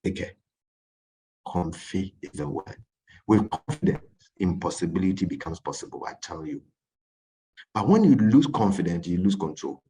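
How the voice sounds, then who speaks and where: A man with a low voice and a West African English accent, speaking to a group. He answers questions informally and acts out little scenes as he goes. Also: expressive, moderate pace, warm tone. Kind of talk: informal talk with anecdotes.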